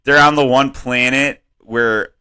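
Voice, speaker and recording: A man co-hosting a comedy podcast, rambling and swearing in casual chat, laughing often and jumping up in pitch when worked up. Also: measured pace, clean tone. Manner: animated, voice jumps up when worked up. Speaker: podcast co-host.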